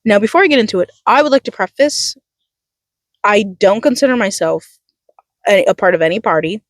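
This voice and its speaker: A woman's voice: mid-range voice, lively intonation, brisk, dry recording. A young woman from the United States vlogging a heated, profane political rant at her school, fighting back tears. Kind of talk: emotional political rant to camera.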